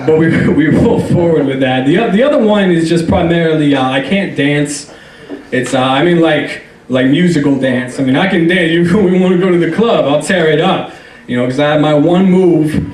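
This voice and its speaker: A man's voice: on the high side, moderate pace, darkish tone. A young man doing a stand-up comedy set on a club stage, rambling and self-deprecating, with lots of fillers. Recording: roomy club, distant mic.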